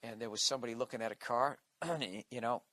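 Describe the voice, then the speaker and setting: Ranting comedian man, bright dry voice. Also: medium pitch, quick pace, dry recording. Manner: profane ranting, mocking impressions. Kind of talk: podcast rant.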